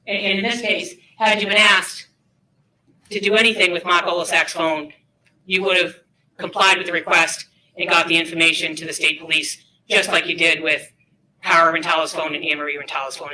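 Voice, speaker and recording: A man's voice: on the high side, steady tone, a little fast, pushed and bright, far from the mic, a little hiss or hum. A man cross-examining a witness in a courtroom as a defense attorney, pressing him with leading questions. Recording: roomy courtroom audio from afar.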